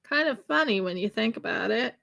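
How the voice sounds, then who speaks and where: A woman's voice: on the high side, animated, fairly quick, creaky, a bit bright. A woman chatting casually and rambling on a live stream while she crafts. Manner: chatty and rambling, with laughs and fillers.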